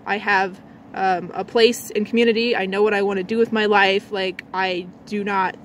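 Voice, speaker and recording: A woman chatting casually in a vlog, rambling with lots of likes and restarts, swinging between a low lazy voice and a bright high one. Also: steady tone, moderate pace, a little hiss or hum. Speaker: vlogger.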